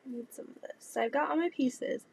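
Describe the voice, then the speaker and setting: A woman's voice: sits high, fast talker, gravelly, husky. A woman in her thirties with a cold and a nasal voice, chatting casually and half-whispering as she sews at home. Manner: talks softly, often half-whispering. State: congested with a cold. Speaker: vlogger. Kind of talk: casual chat while sewing. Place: home sewing room, indoors.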